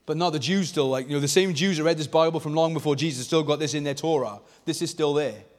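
A man preaching a passionate sermon, swinging between fervent, near-shouted emphasis and hushed intensity. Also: a little high, fast talker. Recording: long reverb of a large hall.

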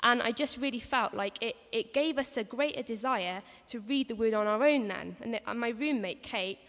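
A woman's voice: fairly high pitch, normal speed, fairly bright tone. A woman giving an earnest, story-driven sermon to a women's gathering in a church hall, often restarting her phrases. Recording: long hall reverb.

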